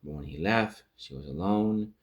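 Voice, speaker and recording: Speaking at a normal speed in a low-pitched voice, a show reviewer gives a casual, rambling recap of a TV episode. He retells scenes, restarts his thoughts, and acts out lines from the characters.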